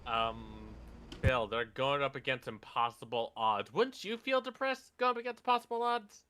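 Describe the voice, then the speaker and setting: A man's voice: medium pitch, expressive, moderate pace, sharp tone, slight background noise. A man co-hosting a reaction commentary, ranting indignantly with plenty of swearing. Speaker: co-host.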